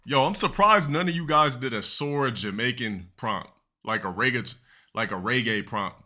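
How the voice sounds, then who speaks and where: A man's voice: mid-range voice, animated, moderate pace, pushed and bright. A man chatting casually on a live stream, profane and boastful, laughing between remarks.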